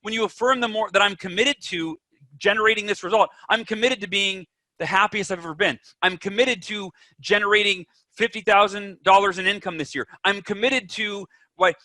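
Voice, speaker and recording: A man's voice: high voice, steady tone, a little fast, sharp tone, dry recording. A man guest on a podcast, talking with energy and emphasis and acting out the voices in people's heads. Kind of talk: animated interview talk.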